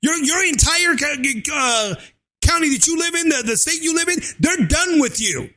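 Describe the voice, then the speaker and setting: A man vlogging a fiery, crude political rant, often shouting and tacking "and so forth" onto his lines. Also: extremely high pitch, lively intonation, moderate pace. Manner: crude slang and cursing. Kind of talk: ranting political commentary.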